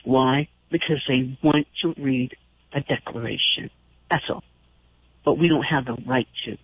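A man's voice: mid-range voice, a little slow. A man hosting a call-in radio show, speaking in an impassioned, indignant, rambling way with frequent restarts. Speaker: radio talk show host. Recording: dull lo-fi radio broadcast.

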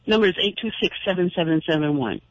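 Man, radio host, impassioned, rambling, high voice, dull lo-fi broadcast sound. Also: lively intonation, fast, no echo. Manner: impassioned, indignant, rambling with restarts. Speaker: radio talk show host. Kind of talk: call-in radio monologue.

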